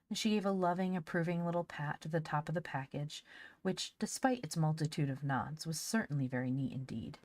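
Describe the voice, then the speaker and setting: Brief: measured woman audiobook narrator, low pitch, dry sound. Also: darkish tone, no echo. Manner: clear, measured storytelling. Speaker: audiobook reader.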